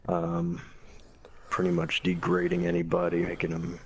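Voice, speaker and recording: A man's voice: deep voice, completely flat delivery, moderate pace, background noise. A young man, a former Marine, casually telling a profane, blunt story and quoting people along the way.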